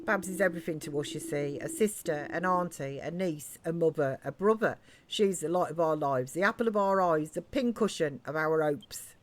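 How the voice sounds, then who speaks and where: A man's voice: on the high side, background noise, lightly acted. A woman voicing a sentimental male miner in a put-on Cockney accent, lamenting dramatically. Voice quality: sing-song, over-the-top lamenting.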